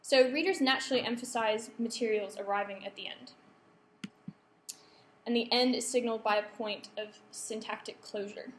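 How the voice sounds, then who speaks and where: A woman's voice: a little high, normal speed. A woman giving a lecture to students, often checking in with the room and polling the audience. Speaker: workshop presenter. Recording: echoey room, faint background hum.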